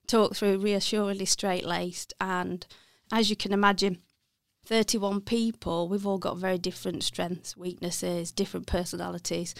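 A middle-aged woman from the West Midlands of England, with a Birmingham accent and a medium-pitched voice, is a partner at an accounting firm appearing as an interview guest. She speaks candidly and reflectively, often correcting herself mid-sentence and laughing softly. The recording is dry and studio-clean.

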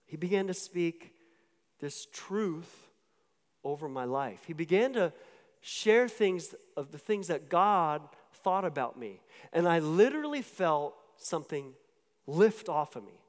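A man giving a sermon as a personal testimony, telling his story casually with fillers and restarts. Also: sits high. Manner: conversational storytelling with filler words and repeated restarts. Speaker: pastor. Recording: long hall reverb.

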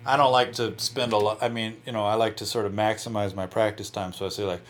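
A man, a guitarist, explaining his practice approach in a relaxed interview, with loose phrasing, restarts and frequent "you know"s. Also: on the low side, quick pace, slight background noise.

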